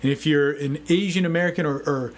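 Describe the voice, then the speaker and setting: A man giving a casual, energetic motivational talk as a dating coach, often saying "man". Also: a little high, quick pace. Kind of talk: casual video talk answering a forum question.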